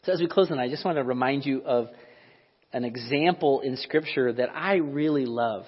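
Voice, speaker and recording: Animated preacher in an echoing hall. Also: male voice, medium pitch, normal speed, husky. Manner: conversational, animated, asks the audience questions. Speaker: pastor. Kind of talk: sermon. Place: church hall. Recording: dull, lo-fi recording in a reverberant hall.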